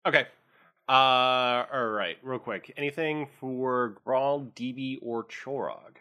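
A man's voice: mid-range voice, slow pace, bright, forceful tone. A man running a tabletop game as game master, narrating with a rambling, filler-heavy manner.

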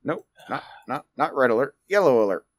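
A man running a tabletop game as game master, narrating scenes and calling for dice rolls. He rambles and pauses to find his words, and the sound is dry and close to the mic. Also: mid-range voice, sing-song, no echo. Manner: rambling, many fillers.

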